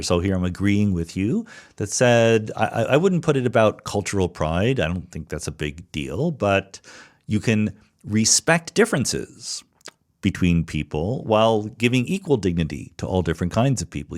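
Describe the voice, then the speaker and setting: An American man hosting a podcast, answering listener questions alone in a thoughtful, explanatory way and thinking aloud with small restarts. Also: deep voice. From United States, Philadelphia suburbs. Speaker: podcast host. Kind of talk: solo listener Q&A monologue.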